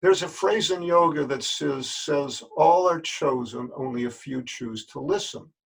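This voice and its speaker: An older man with a gravelly, husky voice that sits fairly high for a man. He speaks to his listeners as a yoga teacher in a plain, folksy way. He is earnest and repeats words for emphasis. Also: unhurried. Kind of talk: spoken address to camera.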